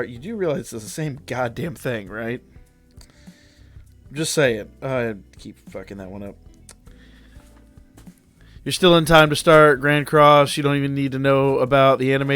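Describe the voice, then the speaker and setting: A man's voice: medium pitch, a bit bright, no echo. A man live-streaming a game, chatting casually with his viewers in a rambling, profane way and answering their messages. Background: faint background music.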